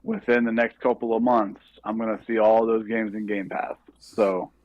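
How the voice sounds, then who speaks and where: Low-voiced hesitant man, muffled mic. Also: little pitch movement, moderate pace, no echo. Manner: hesitant, many fillers and throat clearing. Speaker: podcast panelist. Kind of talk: casual chat. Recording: dull lo-fi mic.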